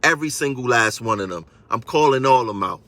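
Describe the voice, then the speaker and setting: A man's voice: mid-range voice, expressive, fast talker, pushed and bright, no room sound. A man, a transit union member, ranting on a live stream to his viewers in a combative way and repeating phrases for emphasis.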